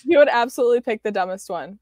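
Young woman, podcast co-host, bubbly, laughs often, slightly high voice, dry sound. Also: expressive, racing, darkish tone, dry recording. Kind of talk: casual chat.

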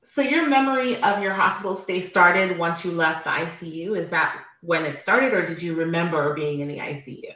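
Guest nurse, a middle-aged woman with a lowish voice, patient and explanatory, recorded in an echoey room. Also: normal speed, few pauses, pushed and bright. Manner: patient, explains step by step with many fillers. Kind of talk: explanatory interview answers.

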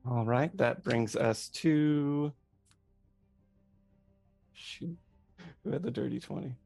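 A man's voice: mid-range voice, slow pace, gravelly, darkish tone, faint music behind. A man narrating a tabletop game as game master, teasing the players and laughing easily.

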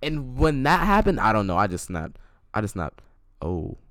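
A young man with a very deep, low voice rambles through a story in casual chat, restarting his sentences and voicing both sides of an argument. He sounds close and completely dry, with no room sound at all. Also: very animated, moderate pace, a bit bright, no echo. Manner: rambling, restarts often, acts out both sides of text exchanges.

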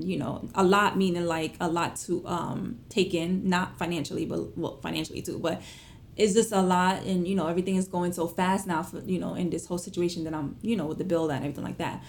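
A young woman telling viewers a personal story in an animated, chatty way, full of fillers and asides. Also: mid-range voice. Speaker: vlogger.

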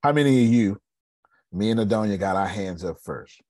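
A man's voice: lowish voice, expressive, normal speed, warm tone, no echo. A man hosting a podcast in casual live coaching talk, emphatic, repeating phrases and calling listeners by name. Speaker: podcast host.

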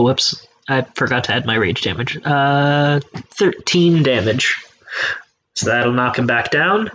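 A man playing a tabletop role-playing game, excitable, swearing often and narrating his barbarian's attacks. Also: medium pitch, slight background noise. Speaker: player. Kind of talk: casual tabletop game play.

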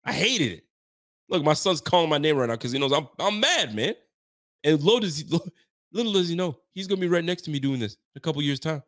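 The voice belongs to a man from Ontario, Canada: fairly high and fairly bright, with lively intonation and fast delivery. Hosting a sports podcast, he gives a heated postgame rant packed with cursing.

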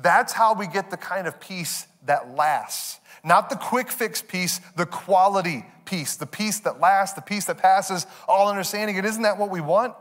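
A man with a slightly higher voice delivers a sermon. He talks in a relaxed, conversational way, repeats key phrases, and slips into short acted voices for the people in his examples. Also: normal speed, few pauses. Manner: conversational preaching with repetitions and acted asides. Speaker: pastor.

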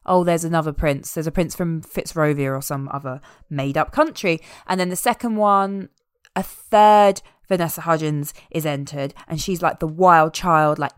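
A woman chatting casually as a podcast co-host, animated and amused as she recaps a film. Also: deep voice, clean tone, dry recording, clean studio sound. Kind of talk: casual chat.

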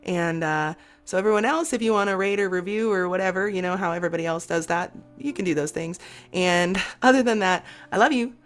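A woman's voice: on the low side, fairly quick, faint music behind. A woman hosting a podcast in casual chat, self-mocking and laughing often. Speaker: podcast host.

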